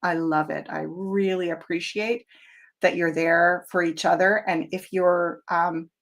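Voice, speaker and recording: A woman's voice: lowish voice, steady tone, unhurried. A middle-aged woman hosting a live tarot show, talking in a chatty, reflective way with plenty of fillers. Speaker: tarot reader.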